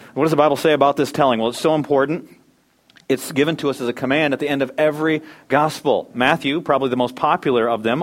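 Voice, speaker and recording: A man preaching a sermon, emphatic and animated, often dropping suddenly to a quiet voice. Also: mid-range voice. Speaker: pastor.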